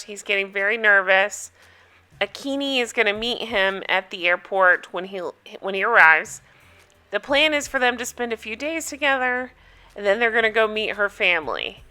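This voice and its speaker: A woman's voice: mid-range voice, expressive, moderate pace, sharp tone, clear, resonant tone. A woman chatting casually with viewers as she recaps a reality show, amused and talkative.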